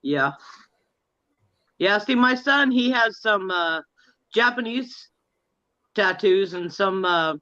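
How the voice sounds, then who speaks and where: Enthusiastic middle-aged man in casual chat, high bright voice, dry muffled lo-fi sound. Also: expressive, slow pace, pauses often, no echo. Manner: enthusiastic, laughs easily. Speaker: guest in a livestream chat.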